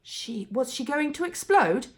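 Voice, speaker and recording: A woman reading a children's book aloud as a bedtime story, with expressive, animated storytelling. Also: sits high, measured pace.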